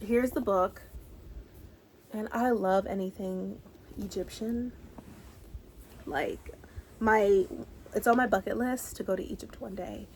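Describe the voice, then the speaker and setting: A woman in her thirties chatting excitedly through a book haul, gushing and sometimes dropping to a whisper. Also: medium pitch, unhurried, slight background noise. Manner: bubbly, excitable, gushing, slips into soft whispers. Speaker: book vlogger. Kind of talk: casual book haul chat.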